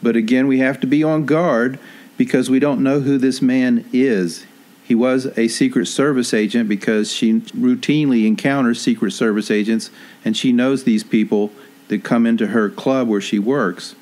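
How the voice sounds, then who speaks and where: A man hosting an online commentary show, speaking in a measured, cautionary way. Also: mid-range voice, fairly even intonation, darkish tone. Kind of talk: scripted commentary.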